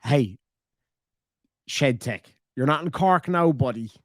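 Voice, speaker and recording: A man's voice: medium pitch, lively intonation, slow pace, no echo, studio quality. An Irish man chatting on a livestream, swearing often and teasing in casual banter. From Ireland. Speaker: streamer.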